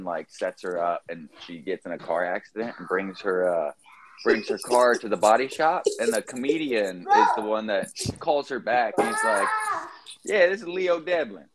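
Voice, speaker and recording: A man's voice: on the low side, slight background noise. A man co-hosting a casual podcast chat, laid-back as he retells a prank call. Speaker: podcast co-host.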